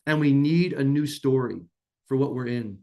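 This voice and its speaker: Male conference speaker, mid-pitched, earnest and emphatic, restarts phrases mid-thought. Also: moderate pace, mellow. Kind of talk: conference talk.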